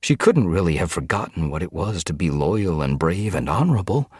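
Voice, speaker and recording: A man reading an audiobook in steady scripted narration. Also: sits low, brisk, husky, no room sound, clean studio sound.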